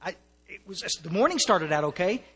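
A man's voice: sits high, very animated, a little fast, a bit bright, slightly rough. American man, earnest, echoing in a hall. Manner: earnest and conversational, restarts often, wry humor. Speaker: speaker sharing at a recovery meeting. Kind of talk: personal testimony to an audience. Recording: long reverb of a large hall.

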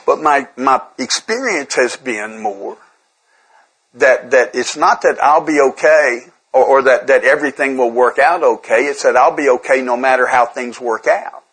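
Man, husky voice, candid recovery talk, conversational, self-deprecating, stumbles and repeats words. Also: mid-range voice, normal speed, fairly bright tone, low-quality recording. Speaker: speaker sharing at a twelve-step recovery workshop.

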